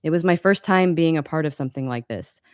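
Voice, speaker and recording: Woman in her 30s reading her memoir live, smooth clear voice, dry close sound, wry and candid. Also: low-pitched, fast talker, darkish tone, dry recording. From Los Angeles, USA. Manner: candid, wry, occasionally stumbles and corrects herself.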